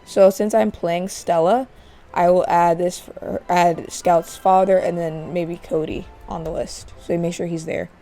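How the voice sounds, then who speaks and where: A woman's voice: on the low side, steady tone, a little slow, mellow, soft background music. A woman hosting a casual let's-play, chatting as she narrates her game. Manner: chatty, narrates while playing. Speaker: gaming channel host.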